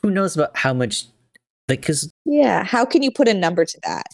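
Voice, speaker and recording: A podcast co-host in a casual chat, relaxed and quick to chime in. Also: mid-range voice, vocal fry, no room sound, clean studio sound.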